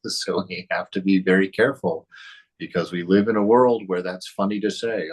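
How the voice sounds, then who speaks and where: A man's voice: low voice, steady tone, normal speed, breathy edge, low-quality recording. A man teaching spirituality, reading from a devotional text and reflecting on it in a conversational way, often asking "right?". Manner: reflective, conversational, with frequent "right?" and "you know".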